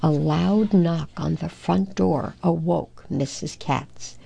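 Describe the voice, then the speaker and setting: A woman reading a children's storybook aloud in an unhurried, careful way. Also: low voice, creaky, warm tone, slightly rough. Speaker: storybook reader.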